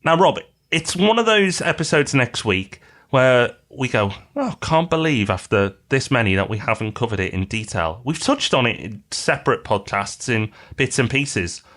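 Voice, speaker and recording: A man's voice: medium pitch, fairly bright tone. Playful male podcast co-host. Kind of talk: casual chat.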